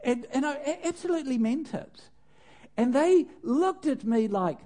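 An older man, a preacher, telling a personal story in a sermon with animated, self-mocking humor and laughing at himself. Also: extremely high pitch, moderate pace.

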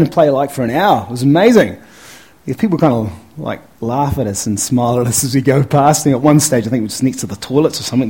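A man with a New Zealand accent chats casually to a live audience, his mid-range, slightly mellow voice coming through a handheld mic held close to his mouth. He's laid-back and talkative, packing his speech with fillers like "eh" and "man." The recording quality is low.

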